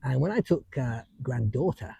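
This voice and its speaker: Lively, husky older British man. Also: medium pitch, normal speed, dry recording. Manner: chatty storyteller with frequent restarts and chuckles. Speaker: podcast co-host. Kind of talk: casual chat.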